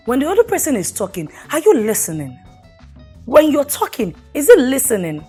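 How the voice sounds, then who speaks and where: A woman's voice: fairly high pitch, breathy edge. A middle-aged woman, hosting a talk show and giving earnest, preachy marriage advice while putting questions to the listener.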